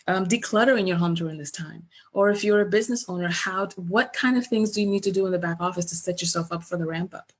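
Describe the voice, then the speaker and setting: A middle-aged woman business coach giving a conversational webinar presentation over a video call, an animated storyteller. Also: on the low side, quick pace, hardly any pauses. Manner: animated storyteller, acts out remembered dialogue.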